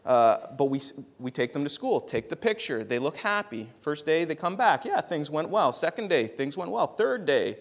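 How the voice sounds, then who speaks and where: Animated high-voiced male pastor. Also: normal speed, creaky, few pauses. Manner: animated storytelling, swings from loud to quiet; repeats words when restarting. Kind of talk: sermon. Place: church.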